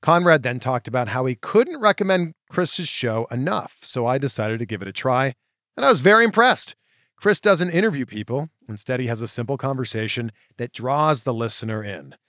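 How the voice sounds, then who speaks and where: A man's voice: mid-range voice, lively intonation, moderate pace, a bit bright, no echo, clean studio sound. A man hosting a podcast, opening the episode in an upbeat, chatty way. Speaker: podcast host. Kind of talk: podcast intro monologue.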